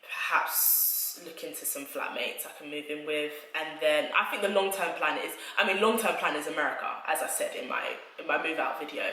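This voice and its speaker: A young woman telling a story to camera in an animated, chatty way. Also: low-pitched, brisk, echoey room, slight background noise, rough recording. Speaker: vlogger. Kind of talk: storytime vlog.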